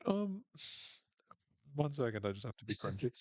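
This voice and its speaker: Animated man recapping a show. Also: medium pitch, moderate pace, no echo. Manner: animated, swears freely, acts out characters' lines in funny voices. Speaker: podcast host recapping a TV episode. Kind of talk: casual recap chat.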